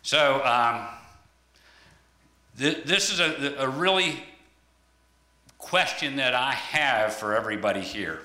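A man preaches in a loose, conversational way, pausing on ums and restarting sentences as he goes. His voice is very bright and forward. He is heard in a roomy, echoing church space. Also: mid-range voice, animated. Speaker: lay preacher. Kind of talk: sermon. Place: church hall. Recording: echoey room.

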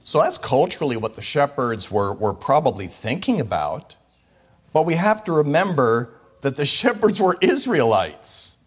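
A man's voice: mid-range voice, big pitch swings, normal speed, husky. A man preaching a sermon as pastor. He teaches step by step and rises to emphatic peaks.

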